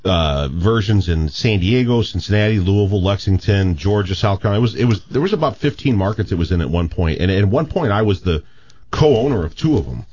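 A man's voice: lowish voice, animated, brisk, a little mellow, lo-fi sound. A man telling a story in casual chat, with many restarts.

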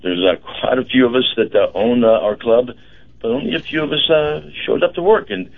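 A man's voice: medium pitch, brisk, phone-quality sound. A middle-aged man hosting a casual talk radio chat, rambling with many fillers and restarts. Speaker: radio host.

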